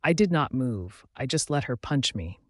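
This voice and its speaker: A man reading a first-person romance audiobook aloud, dramatic and shifting between hushed and raised delivery. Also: mid-range voice, very animated, moderate pace, dry recording, clean studio sound. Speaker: audiobook narrator.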